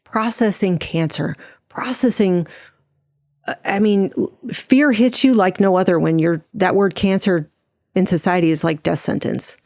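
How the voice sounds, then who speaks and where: A middle-aged woman from New Jersey speaks as a podcast guest, giving a heartfelt personal testimony in a lower-pitched voice. She talks quickly and earnestly, often restarting her sentences. The recording is dry, with no room sound. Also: darkish tone, no room sound. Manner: earnest, fast storytelling with frequent restarts. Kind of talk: personal testimony in a conversational interview.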